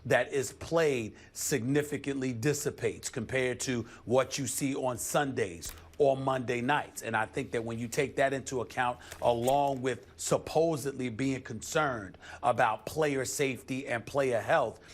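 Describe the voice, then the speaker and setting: An American man making his case on a television sports debate show, forceful and deliberate as he counts off each point. His voice sits in an ordinary middle register. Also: medium pitch, fairly even intonation. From United States. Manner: emphatic, builds numbered points.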